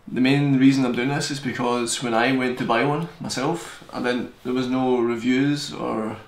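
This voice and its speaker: A young man reviews a gadget on camera, his steady mid-range voice racing through jokes and digressions in a casual, rambling way. The room is echoey, with a faint hiss.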